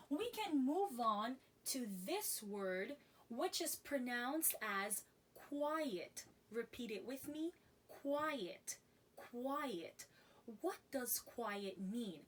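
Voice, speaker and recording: A woman's voice: high-pitched, breathy edge. A young woman teaching English vocabulary, spelling words letter by letter, repeating them and checking in with the learner after each point. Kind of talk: slow, deliberate English lesson.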